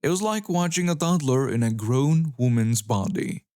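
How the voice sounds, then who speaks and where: A man reading online stories aloud as scripted narration, with an even storytelling delivery. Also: fairly high pitch, normal speed, clear, resonant tone, no room sound, clean studio sound.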